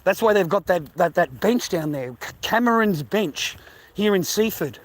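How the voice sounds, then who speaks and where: High-voiced man ranting profanely on a walk. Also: animated, normal speed. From United States. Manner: profane, rambling, repeats himself, drops into hushed asides. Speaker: vlogger. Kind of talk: casual rambling talk to viewers while walking.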